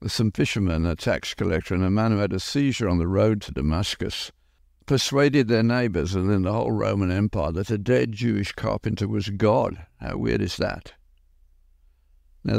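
Gravelly older man telling stories. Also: lowish voice, darkish tone, dry recording, studio quality. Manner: anecdotal, wry storytelling. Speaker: podcast speaker. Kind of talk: reflective storytelling talk.

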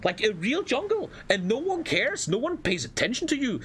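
A young German man with a German accent, chatting casually on a stream and telling animated stories with plenty of swearing. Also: very high-pitched, moderate pace, a little hiss or hum. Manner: animated storytelling, swears a lot, acts out voices. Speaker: streamer reacting to a video. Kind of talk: casual reaction stream chat.

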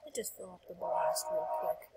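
A woman's voice: moderate pace, over loud music, rough recording. A woman giving casual, playful commentary over her gameplay, talking to herself and dropping whispered asides.

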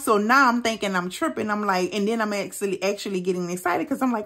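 A woman hosting a budgeting vlog, telling a personal story in casual chat, emphatic and animated, with casual swearing. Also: mid-range voice, quick pace, few pauses. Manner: casual, with frequent mild swearing. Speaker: budgeting channel host.

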